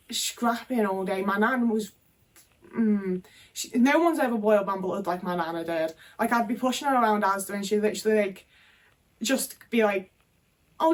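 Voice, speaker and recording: Frank, sweary British woman, slightly distant mic. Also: mid-range voice. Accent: British English. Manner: frank, sweary, rambling with many fillers. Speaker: vlogger. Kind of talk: candid casual monologue. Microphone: phone camera.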